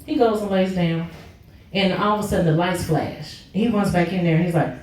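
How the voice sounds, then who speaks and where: A stand-up comedian from Oklahoma, telling animated stories about her kids. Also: a little fast. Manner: animated, jumps high in pitch for punchlines. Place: comedy club stage. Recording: echoey club from a distance.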